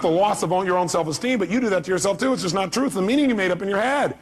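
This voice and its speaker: A middle-aged male motivational speaker works a seminar crowd with emphatic points and questions to the audience. His voice is husky and sits a little high for a man. He presses each point hard. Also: expressive, rapid-fire, few pauses, fairly bright tone.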